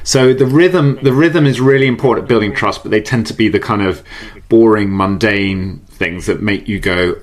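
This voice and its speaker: A man speaking as a podcast guest, explaining ideas in an animated way, often repeating words and laughing easily. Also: lowish voice, moderate pace, few pauses. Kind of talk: conversational podcast interview. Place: based in the UK.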